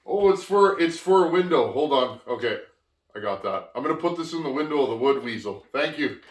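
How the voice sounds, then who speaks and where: A man's voice: mid-range voice, animated, a little fast, echoey room, far from the mic. A Canadian man hosting a chainsaw channel, chatting casually to viewers as friends while he opens packages, with rambling restarts. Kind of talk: casual vlog, opening mail.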